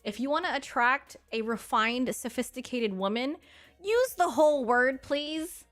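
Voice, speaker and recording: A woman in her thirties chats with her stream viewers in a high, bright voice. She is blunt, sassy and crude, and laughs often. Soft music plays under her talk. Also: expressive, unhurried. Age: 30s. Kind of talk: casual chat to chat readers.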